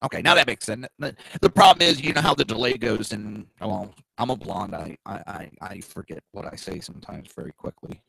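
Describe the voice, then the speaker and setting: Blunt, gravelly-voiced male talk host. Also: on the low side, brisk, hardly any pauses, fairly bright tone, dry recording, low-quality recording. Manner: blunt and profane, with mocking asides. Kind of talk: opinionated political talk.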